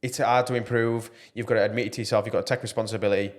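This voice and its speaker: A man's voice: fairly low pitch, steady tone, racing. A man talking earnestly and passionately as a podcast guest, with plenty of fillers. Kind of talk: casual podcast interview.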